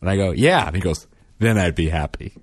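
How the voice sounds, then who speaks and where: A man with a fairly low voice tells a family story as a casual podcast co-host. His pitch swings widely as he acts out the voices in the story. The sound is dry and close. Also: fairly quick, breathy edge, dry recording. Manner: animated, acts out quotes in higher and lower voices. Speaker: father.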